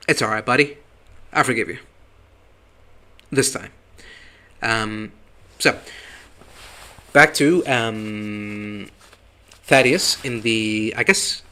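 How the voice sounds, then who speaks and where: A man's voice: mid-range voice, bright, forceful tone. A man casually recapping a TV episode, hesitant with many ums and wry asides. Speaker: TV reviewer.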